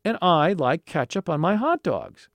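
A man's voice: a little high, very animated, unhurried, no room sound, voice pushed up. A man voicing an earnest, stubborn young boy in a storybook reading, talking insistently.

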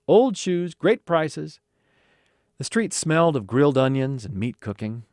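A man narrating a children's storybook with an expressive, animated reading. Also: mid-range voice, no room sound, clean studio sound.

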